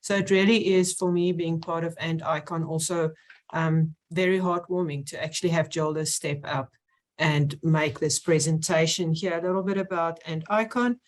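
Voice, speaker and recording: A woman chairing an online science symposium, introducing speakers with many pauses and fillers. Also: sits low, steady tone. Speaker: session chair.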